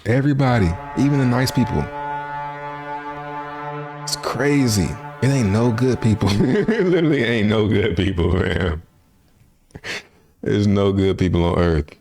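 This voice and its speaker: A man's voice: fairly low pitch, unhurried, pauses often, music in the background. A man hosting a reaction video, talking in a casual, slangy way and laughing often as he jokes. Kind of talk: casual commentary.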